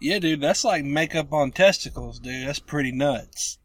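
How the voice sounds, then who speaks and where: A man co-hosting a podcast, joking around in casual banter and quick with quips. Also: fairly high pitch, a bit bright, no room sound. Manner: jokey, quick with quips and laughter.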